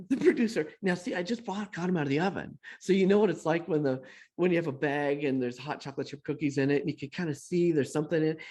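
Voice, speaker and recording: A middle-aged man with a somewhat husky, fairly high voice tells a personal story in a lively, self-deprecating way. His pitch swings widely as he jumps into the voices of the people in his story. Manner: animated, self-deprecating storyteller who acts out quoted voices. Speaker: guest speaker.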